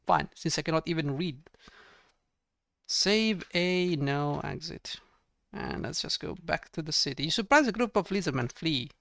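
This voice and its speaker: Exasperated gravelly man ranting over gameplay. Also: a little high, animated, normal speed, fairly bright tone, dry recording. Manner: exasperated, sarcastic, swears often. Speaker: let's play gamer.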